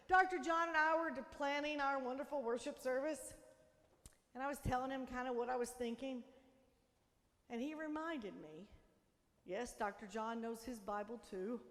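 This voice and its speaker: High-voiced woman pastor preaching, reverberant church. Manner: emphatic, dramatic shifts between loud declarations and soft intimate lines. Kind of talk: sermon. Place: church sanctuary.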